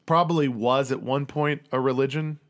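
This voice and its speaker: A young man running a tabletop game as game master. He narrates in a halting way, with many restarts and fillers, and laughs often. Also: medium pitch, steady tone.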